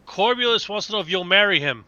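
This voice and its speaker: Man, co-host reading chat questions, fairly high voice, dry dull sound. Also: expressive, fast, sharp tone. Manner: reads out chat questions briefly. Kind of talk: casual chat.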